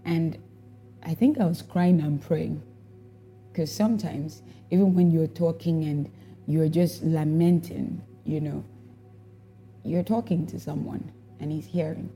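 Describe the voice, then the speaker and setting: Slow, mellow-voiced woman giving testimony. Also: low-pitched, steady tone, soft background music. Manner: reflective, emotional storytelling with repetitions. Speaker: worship leader sharing a testimony. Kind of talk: personal testimony.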